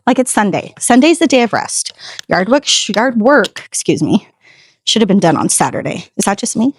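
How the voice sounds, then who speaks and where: A woman's voice: mid-range voice, sing-song, unhurried, pauses often, slightly rough, no room sound. A woman chatting casually to her phone camera outdoors while detailing a car, sassy and prone to ranting asides. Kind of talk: casual vlog chat. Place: outdoors at home, driveway. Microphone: phone camera on a tripod.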